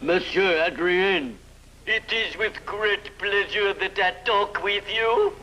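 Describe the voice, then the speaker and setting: A pompous spirit speaking with a put-on French accent, as a man fakes it. The voice sits high and sounds lofty. It comes through a hissy old television soundtrack. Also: slow pace, pushed and bright, highs cut off, heavily acted. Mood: grandiose.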